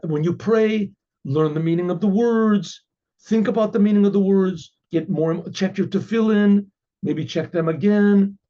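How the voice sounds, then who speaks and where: A man's voice: high voice, measured pace, dark tone. A man, a rabbi, teaching an informal Torah class in a chatty way, playing both sides of an inner dialogue and reading Hebrew lines before translating them. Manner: repeats and restarts phrases, reads Hebrew then translates. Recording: dull lo-fi recording.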